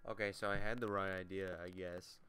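A young man with a runny nose mutters and curses his way through a video game, teasing himself as he goes. His voice sits a little low yet sounds bright and clear. Faint game music plays underneath. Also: little pitch movement, a little fast. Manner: sweary, self-mocking, talks to himself. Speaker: let's play gamer. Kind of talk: casual gameplay commentary.

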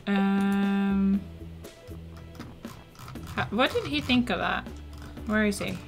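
A woman's voice: mid-range voice, slow, gravelly, music in the background. A woman, live-streaming a game in casual chat, reading dialogue aloud and poking fun at herself. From Norway. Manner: reads game dialogue aloud, chatty and self-deprecating.

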